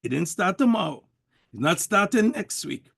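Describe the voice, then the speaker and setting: A man delivers a motivational sales pep talk in a high, gravelly voice. He is preachy and emphatic and hammers the same points again and again. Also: big pitch swings, moderate pace. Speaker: network marketing speaker.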